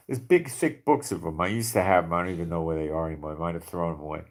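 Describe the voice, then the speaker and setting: Blunt, skeptical deep-voiced man. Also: fast talker. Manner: blunt, skeptical, rhetorical questions; repeats for emphasis with frequent "okay?". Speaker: video commentator. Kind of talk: casual monologue to camera.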